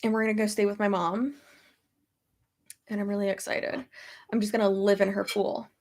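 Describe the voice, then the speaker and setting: A woman's voice: mid-range voice, normal speed. A young woman chatting casually on a livestream, telling stories with lots of laughs and swearing, and pregnant. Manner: chatty, profane and laughing, with animated storytelling. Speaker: streamer.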